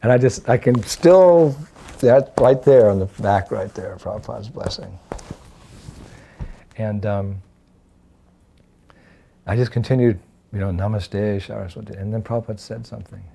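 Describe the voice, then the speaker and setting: An older man in his sixties with a low, gravelly, husky voice, telling a personal story. He is animated and acts out each bit of dialogue. His tone is dark and mellow. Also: normal speed, long pauses. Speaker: devotee sharing memories of his teacher.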